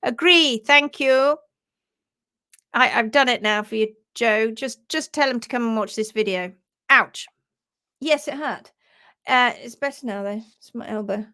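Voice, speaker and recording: A woman hosting a casual live stream about horse care, chatting and reading out viewer comments in a lively, animated way. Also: on the high side, unhurried, no room sound, studio quality. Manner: chatty and animated, laughs easily, acts out quotes in funny voices.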